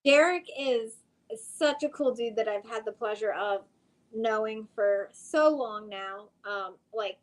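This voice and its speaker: A woman's voice: fairly high pitch, takes it slowly, poor audio. A woman chatting as a guest on a live podcast, friendly and laughing easily. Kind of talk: casual live-stream chat.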